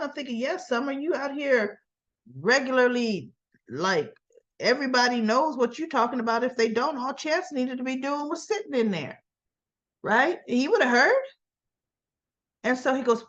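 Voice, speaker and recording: A woman's voice: fairly high pitch, a little slow, fairly bright tone. Chatty woman recapping a soap, lo-fi. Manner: chatty, sarcastic asides, retells scenes in quoted dialogue. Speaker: soap opera recap host. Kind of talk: casual spoken episode recap. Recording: dull lo-fi recording.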